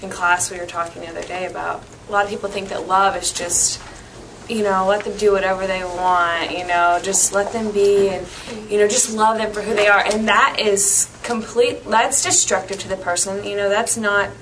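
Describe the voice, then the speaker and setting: A woman's voice: mid-range voice, steady tone, normal speed, noisy background. Hesitant young woman in class discussion. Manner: hesitant, many fillers. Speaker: student.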